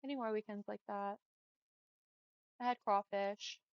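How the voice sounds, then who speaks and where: This young Texan streamer chats casually while gaming, leaning heavily on "y'all" and "like." She speaks at a measured pace in a medium-pitched voice with fairly even intonation, and the clean, echo-free tone comes through lo-fi sound.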